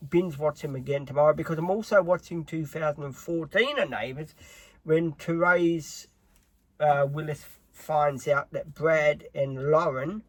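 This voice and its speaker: Streamer, rambling, swears, slightly high. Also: male voice, no echo. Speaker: live streamer. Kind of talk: casual chat. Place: home.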